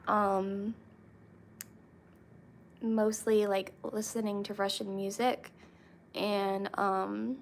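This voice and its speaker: A young woman chatting casually with viewers, rambling with lots of fillers and pauses. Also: mid-range voice, level tone, gravelly, slight background noise. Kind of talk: casual chat.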